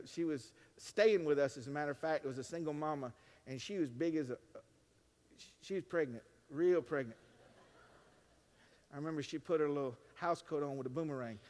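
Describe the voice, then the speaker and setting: Male pastor, high tenor, dynamic preaching with humor, church reverb tail. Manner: dynamic preaching, swings from hushed to loud, joking asides. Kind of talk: sermon. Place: church sanctuary. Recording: long reverb of a large church.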